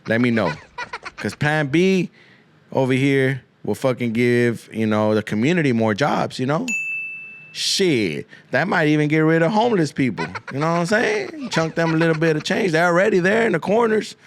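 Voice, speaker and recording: A man's voice: a little high, expressive, normal speed, noisy background. Profane man riffing a comic monologue. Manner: profane, rambling, slips Spanish slang into his English. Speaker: podcast host. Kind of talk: comedic monologue.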